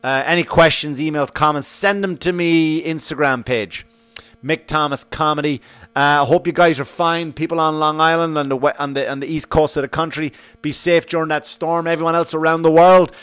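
Profane, animated man telling a story. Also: fairly high pitch, normal speed, clear, resonant tone. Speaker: podcast host. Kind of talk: casual monologue.

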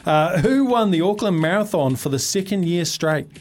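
A man's voice: high voice, expressive, moderate pace, soft background music. A man hosting a call-in radio quiz, upbeat and laughing often, calling everyone mate. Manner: upbeat, laughs a lot, calls people mate. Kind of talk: breezy morning radio banter.

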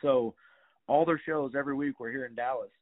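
Talking a little fast in a medium-pitched voice, a middle-aged man tells casual stories as a guest, rambling with heaps of fillers and some swearing. The audio comes across tinny and phone-like.

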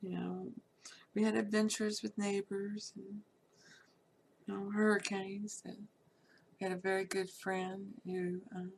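A middle-aged woman with a drawl tells a personal story in a relaxed, unscripted way. Her voice has a gravelly rasp at mid pitch, and she speaks bluntly, peppering her account with fillers. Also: a little slow, a little hiss or hum. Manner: candid and salty, with frequent fillers and laughs. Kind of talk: personal life story told casually.

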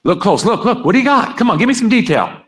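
A man speaking to a live and virtual audience in a lively, animated voice whose pitch moves all over. He coaxes answers from the room, calls on people by name and echoes their replies back. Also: quick pace. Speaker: speaker leading a workshop. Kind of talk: interactive seminar talk to a live and online audience.

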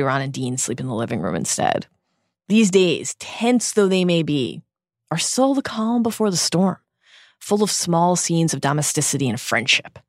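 A woman's voice: fairly low pitch, no echo, studio quality. A woman co-hosting a podcast, reading a scripted book recap in an earnest, emotive way. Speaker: podcast co-host.

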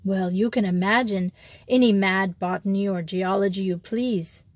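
A woman voicing a small, mild male priest who talks in a calm, reasoned and earnest way. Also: mid-range voice, normal speed, no echo, natural voice.

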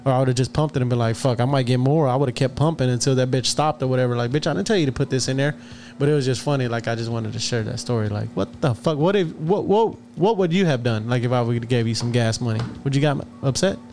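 A man's voice: medium pitch, fast, a little mellow, a little hiss or hum. A man co-hosting a podcast, telling a rambling story in casual chat, laughing a lot and restarting his sentences. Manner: rambling, laughs often, many fillers and restarts. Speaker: podcast co-host.

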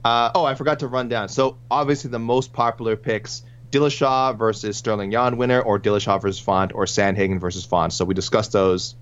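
A man's voice: lowish voice, fairly even intonation, brisk, few pauses, clear, resonant tone. A man co-hosting a casual sports podcast, running through listener picks in a rambling, self-correcting way. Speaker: podcast co-host. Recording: muffled lo-fi with faint hum.

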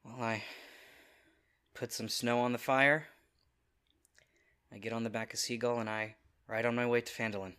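A man playing his character in a tabletop game, speaking softly. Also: mid-range voice, steady tone, normal speed, pauses often, clean tone. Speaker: player.

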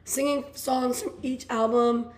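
A young woman in her twenties co-hosts a chatty podcast, her voice hoarse and worn out. She gushes in a bubbly rush, stringing thoughts together with lots of "like"s, and sits a little higher in pitch than most women. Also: steady tone, a little slow, darkish tone. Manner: bubbly, gushing, many "like"s. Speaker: podcast co-host. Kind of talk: casual chat.

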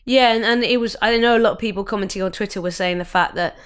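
A woman's voice: mid-range voice, fast talker, a bit bright, smooth. A young woman co-hosting a football podcast, chatting casually with frequent restarts. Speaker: podcast co-host.

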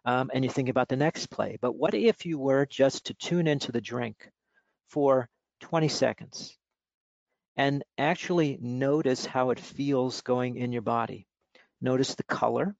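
Gravelly-voiced man coaching calm focus. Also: mid-range voice, measured pace, dry recording. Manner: relaxed, instructive, many "you know" fillers. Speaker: mindfulness coach and author, guest. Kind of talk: explanatory interview talk. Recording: dull lo-fi audio.

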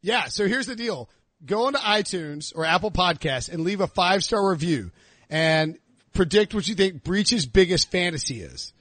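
A man's voice: high-pitched, lively intonation, normal speed, a bit bright, dry recording. A man in his thirties hosting a casual sports podcast and teasing his co-hosts. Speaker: podcast host.

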